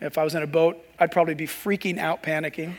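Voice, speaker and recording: A man's voice: a little high, flat delivery, fast. A man preaching a sermon in a conversational way, with joking asides to the congregation. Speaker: pastor. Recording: long hall reverb.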